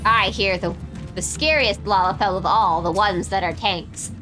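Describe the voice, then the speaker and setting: A woman's voice: mid-range voice, normal speed, over music. A woman streamer chatting casually and playfully while playing a game, self-mocking. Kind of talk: casual gaming stream chat.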